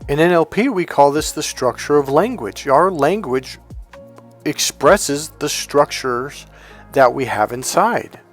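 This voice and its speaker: A man speaking as a relationship coach in a motivational monologue, emphatic and animated, often acting out other people's voices. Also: fairly high pitch, measured pace, soft background music.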